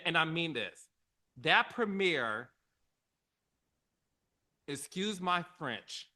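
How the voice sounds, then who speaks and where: A middle-aged man hosting a podcast, giving casual, emotional commentary with dramatic pitch swings. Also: bright, forceful tone. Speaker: podcast host.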